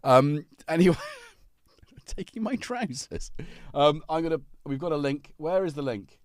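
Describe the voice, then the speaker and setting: A man's voice: on the high side, fairly even intonation, a little slow, clear, resonant tone, no room sound. A man hosting a casual livestream from his home music studio, rambling cheerfully and greeting viewers by name. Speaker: livestream host.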